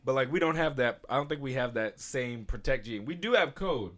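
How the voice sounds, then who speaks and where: A man with an ordinary-pitched voice tells a story in a casual podcast chat. He rambles, backtracks and restarts his sentences. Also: animated, a little fast, fairly bright tone. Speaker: podcast co-host.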